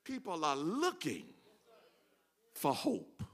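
A male pastor preaching a sermon in a church, building from quiet talk to rhythmic, shouted refrains. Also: a little high, huge pitch swings, takes it slowly, husky. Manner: rhythmic call-and-response preaching, rising to shouts. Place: church sanctuary.

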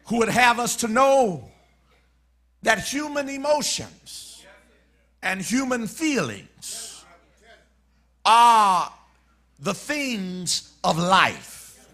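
A man preaching a sermon, emphatic and repetitive, shifting between quiet lines and shouted ones. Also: high-pitched.

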